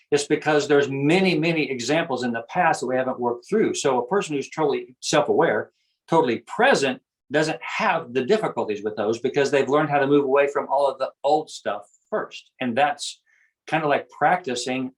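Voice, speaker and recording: A man's voice: medium pitch, normal speed, low-quality recording. A man talking through ideas as a guest, explaining earnestly and often repeating his phrases. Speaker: guest speaker on self-awareness. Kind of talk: conversational explaining.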